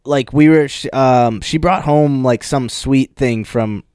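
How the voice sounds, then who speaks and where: A man's voice: mid-range voice, takes it slowly, darkish tone, smooth, no echo, studio quality. Easygoing young man co-hosting a podcast. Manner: easygoing, agreeable, tells little anecdotes. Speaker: podcast co-host. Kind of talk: casual chat.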